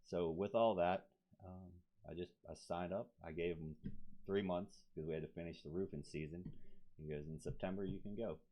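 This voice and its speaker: Speaking in a low voice at a moderate pace, a man tells a story as a podcast guest in casual, profanity-laced talk. He brings quoted people to life with animated impressions, and the audio is dull and lo-fi.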